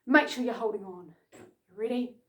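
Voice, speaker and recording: Lively high-voiced New woman, kids' instructor, echoey room. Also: normal speed. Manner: energetic, chanting and calling out game sounds. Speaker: children's program instructor. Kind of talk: lively kids' lesson from home.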